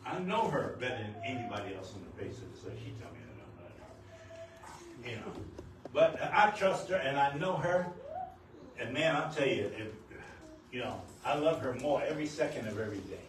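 An older man, married nearly fifty years, preaching a sermon as pastor, at times rising to shouts. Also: medium pitch, big pitch swings, brisk. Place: church sanctuary. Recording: very echoey church hall, distant mic, noisy.

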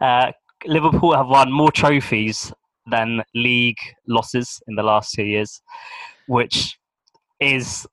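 A man co-hosting a casual football chat, chatty and agreeable and quick to laugh. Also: mid-range voice, steady tone, a bit bright, no echo, poor audio. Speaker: podcast co-host.

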